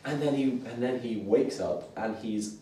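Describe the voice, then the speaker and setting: A man hosting a casual comic review, retelling scenes in an animated way. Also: mid-range voice, unhurried, slight background noise. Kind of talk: casual chat. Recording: echoey room, mic at a distance.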